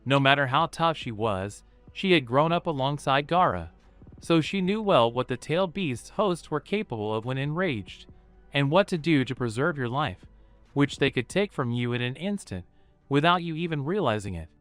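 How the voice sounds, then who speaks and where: A man narrating a fan fiction story in an even storytelling read. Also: medium pitch, moderate pace, faint music behind.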